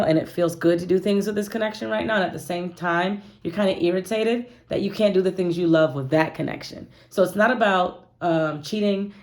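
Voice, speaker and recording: A woman giving a casual tarot reading, talking playfully and straight to her viewers. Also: fairly low pitch. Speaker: tarot card reader.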